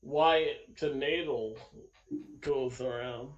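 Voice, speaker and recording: A man calling a sim racing event as play-by-play commentator, getting excited at restarts. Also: medium pitch, drawn-out words, lo-fi sound. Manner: calls the race, gets excited at restarts.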